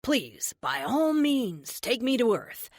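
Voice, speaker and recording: A woman playing a smug, menacing male villain in an audiobook, speaking slowly and condescendingly. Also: fairly high pitch, big pitch swings, no echo, studio quality, voice pushed up, exaggerated voice. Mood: smug menace. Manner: slow, condescending, self-assured. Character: smug, menacing man, centuries-old villain.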